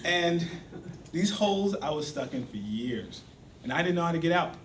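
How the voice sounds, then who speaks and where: Animated man telling a story in an echoey hall. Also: on the high side, moderate pace, recorded from a distance, slight background noise. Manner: animated, acting out voices in a story. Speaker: club speaker. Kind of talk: storytelling speech.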